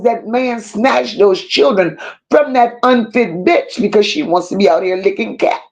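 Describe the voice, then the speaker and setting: Woman host, mid-pitched, slow deliberate pacing, emphatic and contemptuous live commentary. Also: darkish tone, muffled recording. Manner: slow, emphatic and scornful, with drawn-out insults; reads viewer comments aloud. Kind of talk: unscripted livestream rant.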